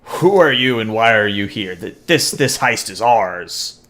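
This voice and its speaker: A man voicing a rowdy male alien bear thug in a loud, high voice with a botched, haywire attempt at a Brooklyn accent. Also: animated, a little slow, a little hiss or hum. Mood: suspicious.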